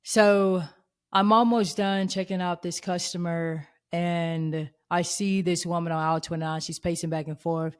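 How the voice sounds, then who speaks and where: A woman in her thirties tells a personal faith story on her podcast. Her voice sits a little low, and she speaks earnestly and expressively, slipping into the voices of the people in her story. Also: little pitch movement, normal speed, clear, resonant tone. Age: 30s. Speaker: podcast host.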